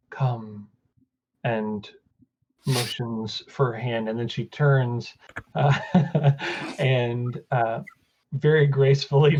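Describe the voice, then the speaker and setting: A man narrating a tabletop game as game master, halting, with many fillers and restarts. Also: medium pitch, darkish tone, highs cut off.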